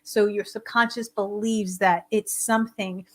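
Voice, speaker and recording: Hoarse, enthusiastic woman hosting a live show. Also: medium pitch, fairly even intonation, unhurried. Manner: enthusiastic, emphatic repetition. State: hoarse, losing her voice. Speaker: host. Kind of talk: live-streamed wellness talk show.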